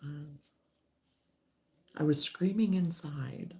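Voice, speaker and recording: A woman hosts a relaxed crochet livestream and talks to her viewers at an unhurried pace. She sounds fed up with her day but stays easygoing. Her voice sits at an ordinary pitch. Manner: exasperated, chatting with viewers. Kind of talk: casual livestream chat.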